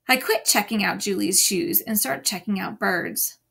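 Gravelly woman reading a story aloud. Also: mid-range voice, moderate pace, a bit bright. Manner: voices the characters and sings the song lines. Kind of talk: read-aloud storytelling with questions to the class.

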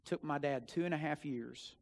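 A young male student minister with a fairly high voice tells a personal story from the pulpit. He slips from hushed asides into loud, emphatic bursts as he drives his points home. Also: normal speed, gravelly. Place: church sanctuary.

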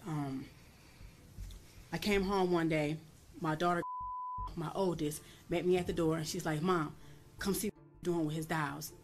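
A woman's voice: low voice, fairly even intonation, unhurried, long pauses, music in the background. A woman testifying in a courtroom, blunt and profane, raising her voice when she re-enacts what was said. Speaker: defendant at a plea hearing.

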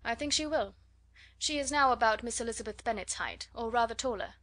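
A woman voicing a proud, reserved wealthy gentleman who speaks in a curt, aloof way, in a storybook reading. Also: on the high side, brisk, close to an everyday voice.

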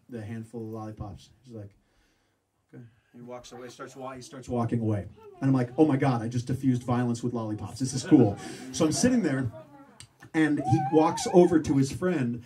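Man on stage, lively self-mocking storyteller, middle pitch, picked up from a distance. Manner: animated, self-mocking storyteller who acts out voices. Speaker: speaker telling a story to a live audience. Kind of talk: storytelling talk. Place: room with a live audience.

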